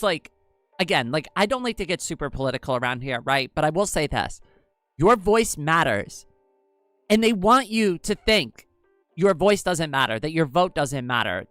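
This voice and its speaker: A young woman whose voice sounds androgynous chats casually with her livestream viewers, answering chat in a fairly low, slightly bright voice. She rambles with lots of fillers, and there's no echo.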